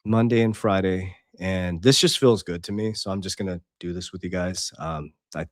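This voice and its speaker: A man's voice: low-pitched, normal speed, dry recording, studio quality. A man hosting a casual livestream, talking intensely and preachily, reading Bible verses and chat comments aloud. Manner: intense, preachy, swings between loud and quiet. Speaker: livestream host.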